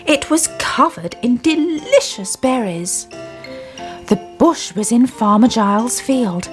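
A woman reads a children's story aloud, gently and expressively. Her voice is fairly high and very lively in pitch. She takes her time, with faint music playing behind.

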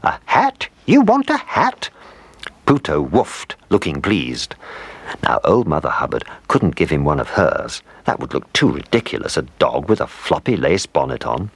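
Deep, husky man reading a storybook. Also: very animated, moderate pace, no echo. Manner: playful, asides to the listener.

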